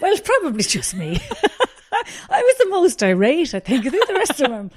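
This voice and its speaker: A middle-aged Irish woman, a comedian, telling a lively anecdote with swearing and laughter. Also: high-pitched, fairly quick, no room sound. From Ireland. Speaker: comedian guest. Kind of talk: storytelling interview.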